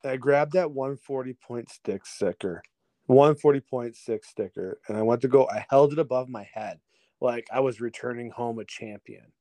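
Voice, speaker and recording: Animated man telling a story, dry close mic. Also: medium pitch, moderate pace, no echo. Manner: animated storyteller, acts out voices, laughs often, swears. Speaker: podcast guest, triathlete. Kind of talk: casual storytelling chat.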